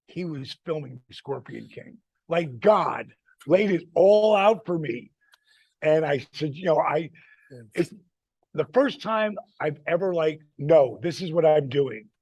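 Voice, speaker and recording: A man's voice: on the high side, animated, slow, a little mellow, breathy edge, dry recording, dull audio. A man in his sixties telling a wrestling-road story in a casual chat, acting out the people he quotes and swearing freely. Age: 60s. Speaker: retired wrestler telling stories.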